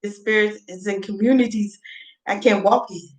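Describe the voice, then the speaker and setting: A woman's voice: medium pitch, fairly even intonation, normal speed, a little mellow, poor audio. Woman, casual livestream host, rambles, laughs easy, talks straight to viewers. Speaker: vlogger.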